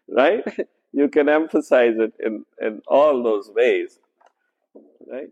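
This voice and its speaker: A muffled recording with a long reverb tail catches a pastor's mid-range, slightly mellow voice in a church sanctuary. He preaches conversationally, slowly and deliberately, peppering his talk with fillers and "right?"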